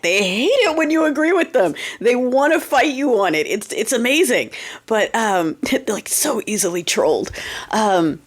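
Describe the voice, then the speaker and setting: An American woman hosts her own political commentary vlog in a fairly low, animated voice at normal speed. She's casual and sarcastic, swears freely, and keeps checking in with "okay?".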